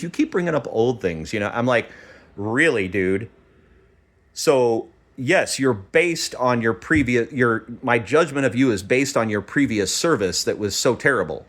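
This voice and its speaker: A middle-aged man telling a story in a casual vlog, animated and exasperated, acting out quoted dialogue as he goes. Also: medium pitch. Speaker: vlogger.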